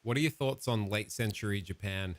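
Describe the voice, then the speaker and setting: A man's voice: fairly low pitch, fairly quick, dry recording. A man chatting offhand with an AI and reading through a game tutorial, dry and teasing. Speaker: gamer chatting with an AI. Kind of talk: casual gameplay commentary.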